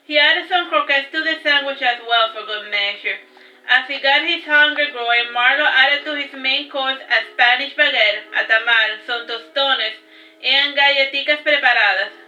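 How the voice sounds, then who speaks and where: A woman's voice: high voice, normal speed, bright, forceful tone, soft background music. A woman reading aloud from her own novel, casual and unpolished, with restarts and small slips. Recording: roomy, distant, dull home recording.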